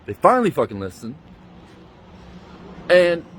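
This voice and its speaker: A man's voice: fairly high pitch, huge pitch swings, unhurried, fairly bright tone. A man angrily retelling a bad experience in a profane, indignant rant, talking into a handheld phone he keeps switching between hands. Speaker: vlogger. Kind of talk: angry storytime rant.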